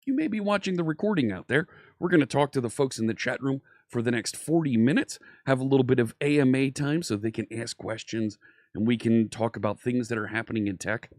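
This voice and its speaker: A man's voice: medium pitch, darkish tone, no room sound, studio quality. Upbeat chatty man hosting a live stream. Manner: chatty, upbeat, greets chat viewers by name. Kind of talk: casual live-stream coding chat.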